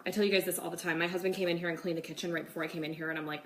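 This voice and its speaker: A young woman with a lowish voice and fairly even intonation talks very fast while hosting a casual cooking demo in her home kitchen. She chats with viewers, saying "like" and "okay" constantly. The kitchen sounds echoey, with faint noise.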